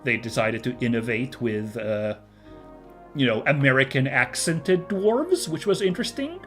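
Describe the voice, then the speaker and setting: A man's voice: medium pitch, expressive, measured pace, faint music behind. A man casually commentating as he plays a game, chatty and laughing often. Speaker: gaming video host.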